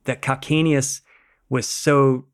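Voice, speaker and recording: A man's voice: mid-range voice, little pitch movement, slow pace. A middle-aged man, a podcast guest, telling a casual story in a rambling way, acting out what people said and using many "like"s.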